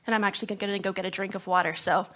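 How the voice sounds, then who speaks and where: A woman's voice: medium pitch, steady tone, very fast, pushed and bright. A woman pastor preaching a sermon to her congregation, conversational and joking, with a slightly scratchy throat. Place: church service before a congregation.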